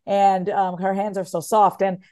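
A woman's voice: mid-range voice, little pitch movement, measured pace, mellow, clear, resonant tone. A woman talking candidly and emotionally as an author guest in an interview. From United States. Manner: candid and emotional, swings from tearful to laughing.

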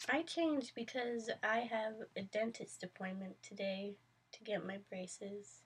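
A young woman co-hosting a podcast, giggly and low-key as she chats casually. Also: steady tone, unhurried, slightly rough. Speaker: podcast co-host. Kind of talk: casual chat.

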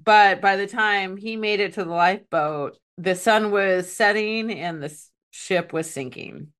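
A woman's voice: mid-range voice, measured pace, fairly bright tone. Chatty woman telling a story with laughs. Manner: chatty, laughs often, many "like" fillers. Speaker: podcast co-host telling a story. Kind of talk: casual storytelling chat.

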